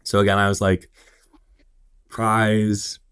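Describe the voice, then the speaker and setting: Slow and level in tone, his fairly low voice sounds a bit bright, clear and resonant, captured at studio quality with no echo. He's a twentysomething Indiana man on a podcast, spinning chatty, rambling interview stories with plenty of fillers and quoted asides.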